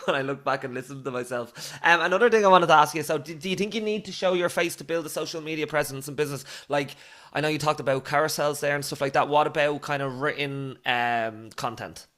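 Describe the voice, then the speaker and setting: A man hosting a casual podcast interview, relaxed and a little hesitant, repeating words as he asks questions. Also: a little high, fast. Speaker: podcast host.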